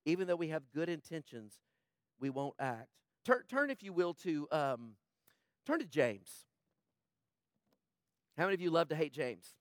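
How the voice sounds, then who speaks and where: A male pastor delivers an impassioned sermon in a high voice. He swings from loud, urgent passages to quiet, hushed ones. The sound is close and dry. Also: very animated, a little slow, long pauses, no echo.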